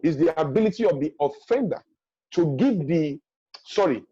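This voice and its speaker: A husky man speaks in a high register. He gives forceful parenting advice as a webinar guest and hammers home each point by repeating it. The video-call audio is dry and dull. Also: expressive, moderate pace, no room sound. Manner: emphatic, repeats key points, acts out parents' lines.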